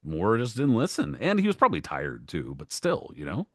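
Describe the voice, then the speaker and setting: A man's voice: on the low side, wildly swooping pitch, moderate pace, a bit bright, no echo, clean studio sound. A man co-hosting a podcast in casual chat, explaining things in matter-of-fact detail and swearing casually. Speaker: podcast co-host.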